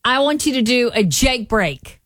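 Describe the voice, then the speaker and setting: Lively, teasing woman co-host. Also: a little high, a loud crowd. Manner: teasing, quick to laugh. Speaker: radio morning show co-host. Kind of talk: casual radio banter.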